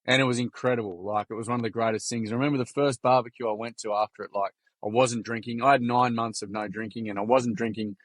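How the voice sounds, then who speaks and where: A man in his forties from the Gold Coast, Queensland, speaks with an Australian accent at a fast clip, with few pauses, a medium pitch and a steady tone. As a podcast guest, he tells candid stories bluntly and casually, swearing freely and saying "mate" and "like" constantly. The recording is dry.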